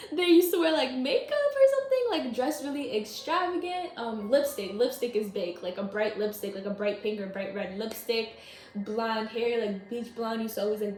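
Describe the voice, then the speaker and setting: Woman in a casual to-camera reading, talks in loose run-on chatter, slightly high voice, roomy echo on a camera mic. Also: a little mellow. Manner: chatty, rambling, full of "like" and "y'all". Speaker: tarot reader. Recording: echoey room, faint noise.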